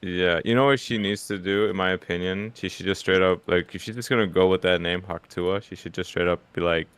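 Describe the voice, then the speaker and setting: Deep smooth-voiced man, laid-back. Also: steady tone, brisk, no echo. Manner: laid-back, laughs often, reads chat. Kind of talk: casual stream chat.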